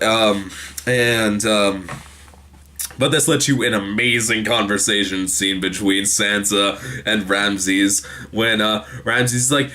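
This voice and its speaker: This TV show reviewer is a young man giving a casual episode recap that rambles, full of fillers and false starts, with characters quoted in quick voices. He speaks fairly low, and his delivery sounds pushed and bright.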